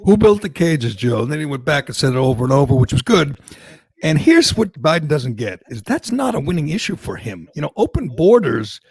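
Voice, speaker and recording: Male talk host, animated and opinionated, gravelly with a dry studio sound. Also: fairly high pitch, fairly quick, dry recording. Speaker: radio talk show host. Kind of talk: casual political talk.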